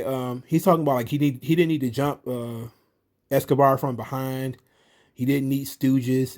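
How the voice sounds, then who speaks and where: A man's voice: on the high side, darkish tone. A man giving a casual, sarcastic recap of a wrestling show, swearing often and speaking bluntly. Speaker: wrestling commentary host.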